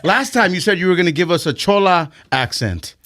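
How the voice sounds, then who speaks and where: A man's voice: high voice, brisk, over a noisy crowd. A man hosting a radio show in a studio, bantering and teasing his guest. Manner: joking, teasing, animated. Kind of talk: casual radio interview banter.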